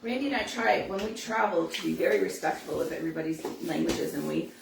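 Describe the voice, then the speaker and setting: A woman giving a live balloon-making tutorial, chatty and quick to laugh as she works. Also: on the low side, creaky, echoey room, distant mic, heavy background noise. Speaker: balloon instructor.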